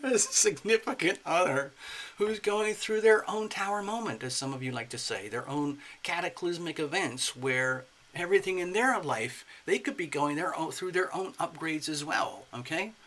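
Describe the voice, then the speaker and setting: Bright-voiced expressive man reading tarot. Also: on the high side, moderate pace. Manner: expressive, playful, slips into acted asides. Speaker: tarot reader. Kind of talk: casual spoken tarot reading.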